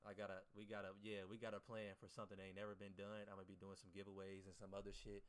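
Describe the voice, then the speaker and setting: Young male streamer, low-ish voice, loose and profane, addresses chat directly. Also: level tone, quick pace, few pauses. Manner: loose, profane slang, talks to chat, restarts often. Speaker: livestreamer and day trader. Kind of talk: casual livestream chat.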